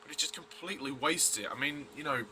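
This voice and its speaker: Blunt, rambling man, bright voice. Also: on the high side, quick pace, a little hiss or hum. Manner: blunt, rambling, many fillers and restarts. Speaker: TV episode reviewer. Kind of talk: casual review vlog.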